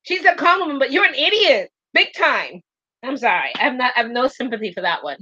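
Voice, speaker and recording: A woman's voice: sits high, very animated, a little fast, bright, forceful tone, dull audio. A woman from Canada co-hosting a casual talk show, blunt and exasperated, often repeating apologies. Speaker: co-host. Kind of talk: casual chat.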